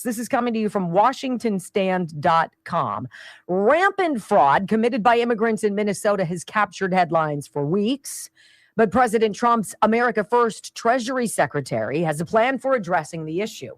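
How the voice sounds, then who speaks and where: A middle-aged woman hosting a talk radio show, delivering a sarcastic, opinionated monologue and slipping into quick voices for the people she quotes. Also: fairly high pitch, no echo.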